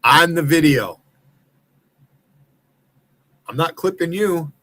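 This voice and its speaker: A man's voice: on the high side, lively intonation, normal speed, bright, forceful tone. A man from the United States hosting a livestream, ranting in a heated, profane, accusatory way. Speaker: livestream host. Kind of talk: angry profane rant.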